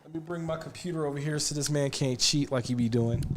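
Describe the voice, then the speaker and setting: A man hosting a casual sports talk show in a studio, animated and quick to laugh. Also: a little high, background noise.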